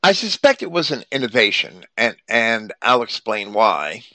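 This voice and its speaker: A man giving a measured, explanatory Bible commentary that reads as scripted. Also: medium pitch, big pitch swings, bright, forceful tone, dry recording.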